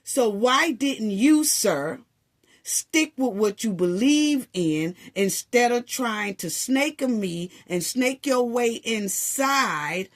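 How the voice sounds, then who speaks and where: A woman delivers a scolding opinion monologue, throwing out sarcastic rhetorical questions. Her pitch swings up and down as she talks, and she takes her time with the words. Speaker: commentary vlogger.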